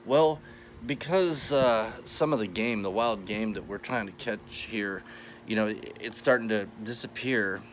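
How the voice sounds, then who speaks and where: Brief: low-pitched American male host, conversational lecture, rambling and self-correcting, light hiss behind. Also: a bit bright. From United States. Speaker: history channel host. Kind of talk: casual explainer monologue.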